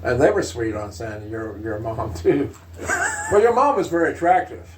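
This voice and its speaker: A man's voice: medium pitch, big pitch swings, normal speed, background noise. An older man telling a family story casually, rambling with many fillers and laughing asides. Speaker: storyteller, uncle.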